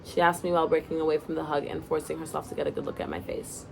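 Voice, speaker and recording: Casual woman reader, low gravelly voice, faint hiss behind, telling her own story with asides. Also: level tone, fast talker. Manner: casual, breaks off to laugh and comment. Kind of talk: first-person story reading.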